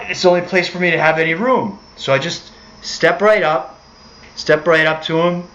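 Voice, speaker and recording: A man's voice: a little high, normal speed, fairly bright tone, slight background noise. Rambling man telling a story. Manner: rambling, self-correcting, conversational. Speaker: street musician telling a story. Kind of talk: casual storytelling monologue. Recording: dull lo-fi recording.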